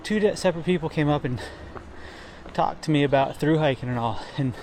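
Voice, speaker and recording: A man's voice: a little high, fairly quick, a little mellow, slight background noise. Rambling young man on a hiking trail. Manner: rambling, self-deprecating, frequent swearing and fillers. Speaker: thru-hiker vlogger. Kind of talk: casual spoken trail diary. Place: outdoors by a river near a town.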